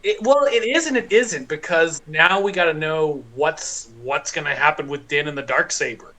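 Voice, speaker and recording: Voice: medium pitch, moderate pace, bright, forceful tone, poor audio. A co-host in a casual chat, speaking hesitantly with restarts.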